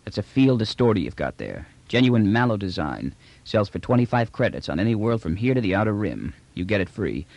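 A man's voice: mid-range voice, big pitch swings, normal speed, no room sound. A man doing a brash, blunt space trader. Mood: low, urgent. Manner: blunt, wheedling street talk.

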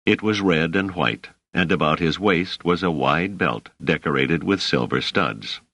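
Deep-voiced man narrating a story. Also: a bit bright, no room sound. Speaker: audiobook narrator. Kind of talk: scripted narration.

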